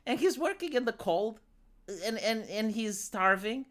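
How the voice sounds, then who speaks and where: A man's voice: high voice, expressive, unhurried, fairly bright tone. Rambling man with a Romanian accent. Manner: rambling, stammering restarts. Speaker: streamer. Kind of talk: casual stream banter.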